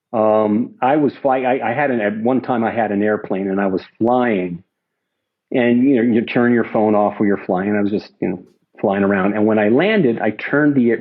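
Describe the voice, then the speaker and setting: An older man from the United States, a guest in an interview, telling rambling anecdotes with frequent restarts. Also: on the low side. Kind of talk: casual storytelling. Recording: slightly dull lo-fi recording.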